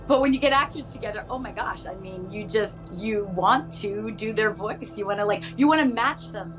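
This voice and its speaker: A woman, an actress, chatting in an interview and telling lively anecdotes with frequent laughter. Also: medium pitch, moderate pace, hardly any pauses, music in the background, poor audio. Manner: animated storyteller who laughs often and acts out voices. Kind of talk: casual interview chat.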